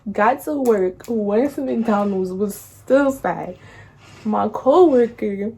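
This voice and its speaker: A young woman tells a breakup story in casual slang, laughing often and acting out quotes in a higher voice. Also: takes it slowly, vocal fry, darkish tone, breathy edge. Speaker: vlogger.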